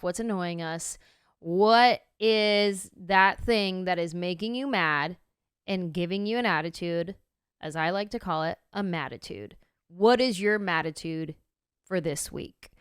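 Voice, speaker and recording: Smooth-voiced woman hosting a chatty podcast. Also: mid-range voice, measured pace, no echo, clean studio sound. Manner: animated, acts out her own reactions. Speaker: podcast host. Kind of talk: casual storytelling chat.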